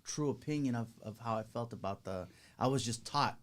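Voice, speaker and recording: Middle-aged comedian guest, mid-range male voice, animated storyteller. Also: medium pitch, a little fast, hardly any pauses. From Mexican-American. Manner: animated storyteller, acts out quotes. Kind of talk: casual interview storytelling.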